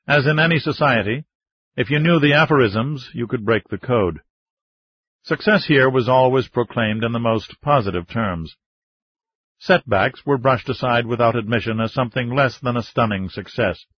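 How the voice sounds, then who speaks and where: A male audiobook narrator tells the story in a steady, measured way. His voice is husky and the sound is dry and close, on a dull, muffled recording. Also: mid-range voice, no room sound.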